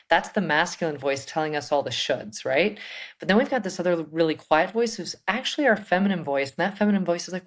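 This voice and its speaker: A woman's voice: deep voice, brisk. A woman co-hosting a podcast, talking with a confident coaching tone and often asking rhetorical questions. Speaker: podcast co-host. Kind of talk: casual podcast conversation.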